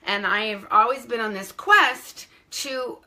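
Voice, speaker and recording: A middle-aged woman telling her personal story on a live stream, her voice bright and crisp. She sits a little high in pitch for a woman. She keeps breaking off to greet viewers by name in an effusive way. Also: takes it slowly. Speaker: speaking coach.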